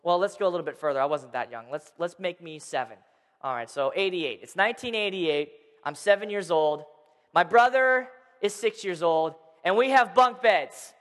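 A man in his thirties with a high voice, spinning a playful childhood story for a crowd and tossing questions at them. His voice rings through a large hall with a long, trailing reverb. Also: moderate pace, fairly bright tone. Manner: playful, addresses the crowd directly. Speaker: storyteller speaking to an audience. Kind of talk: animated personal storytelling.

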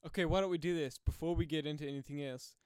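A man's voice: fairly high pitch, steady tone, fast, a little mellow, clear, resonant tone, no room sound. A man co-hosting a casual podcast, full of playful jokes and banter, speaking right into a close mic. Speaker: podcast co-host. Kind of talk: casual chat. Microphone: close drum mic.

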